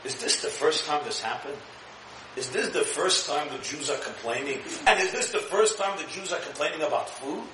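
Man, sermon, high bright voice, dramatic delivery, echoey room, mic a bit distant, faint hiss. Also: animated, moderate pace. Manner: dramatic, shifts into acted quotes with rising pitch. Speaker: rabbi. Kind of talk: animated sermon.

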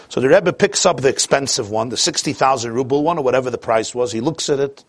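A man's voice: medium pitch, fast, hardly any pauses, slightly rough, no echo. A man telling a story in a sermon, acting out the characters and growing emphatic as he drives his point home. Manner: grows emphatic and exclamatory as he builds a point.

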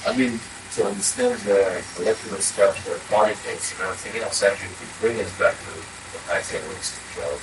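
A man in the audience chiming in with halting remarks during a class. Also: on the low side. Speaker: class participant. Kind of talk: questions from the audience. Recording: distant, roomy, noisy.

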